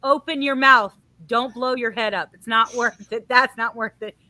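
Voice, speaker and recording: A woman hosting a music radio show and working as a vocal teacher, chatting in a lively, coaching way and laughing often. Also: a little high, moderate pace, no echo. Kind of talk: casual chat.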